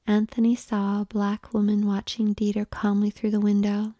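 A woman narrating an erotic story in an unhurried, hushed whisper. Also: medium pitch, monotone, dry recording, clean studio sound. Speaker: audiobook narrator.

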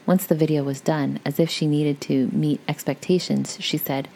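A woman's voice: low voice, fairly even intonation, moderate pace, gravelly, hardly any pauses, mellow. A woman reading a story aloud in a chatty, conversational way, with casual asides to her listeners. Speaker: story reader.

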